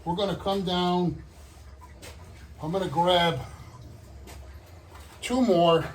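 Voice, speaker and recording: A man vlogging his hobby build, out of breath, talking to viewers in halting, trailing commentary as he works. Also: high voice, steady tone, recorded from a distance. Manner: halting, muttering to himself, trailing off. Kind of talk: casual running commentary while working. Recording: roomy, off-mic, faint background noise.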